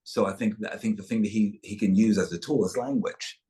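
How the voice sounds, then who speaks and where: Man, low voice, actor guest, reflective, expansive storytelling, video call interview. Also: steady tone, fairly quick, warm tone. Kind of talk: interview over webchat.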